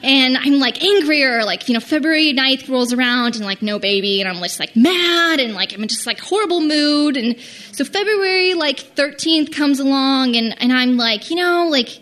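Casting note: young woman, high voice, rambling casual storyteller who acts out her quotes. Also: lively intonation, moderate pace, a bit bright. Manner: rambling, acts out quoted lines with big pitch jumps. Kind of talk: casual personal anecdote.

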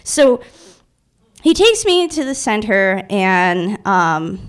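A young woman telling a personal story in an animated, self-mocking way, full of filler words. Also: mid-range voice, takes it slowly, smooth. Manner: animated, filler-heavy retelling with many "like"s; self-mocking, anxious narrating tone.

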